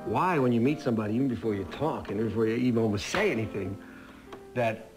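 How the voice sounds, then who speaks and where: A middle-aged man in a reflective interview, speaking haltingly and filling gaps with "you know". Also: mid-range voice. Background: music.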